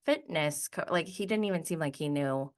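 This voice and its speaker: Chatty woman host, low-pitched. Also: a little fast. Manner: chatty, eager questions, self-deprecating. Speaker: podcast host. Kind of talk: casual interview chat.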